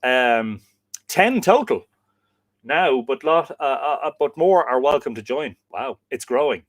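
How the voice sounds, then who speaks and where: A man's voice: medium pitch, animated, unhurried, no echo, studio quality. An Irish man hosting a casual livestream, reading out viewer comments and chatting back to them. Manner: chatty, reads out comments and answers them warmly. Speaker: livestream host.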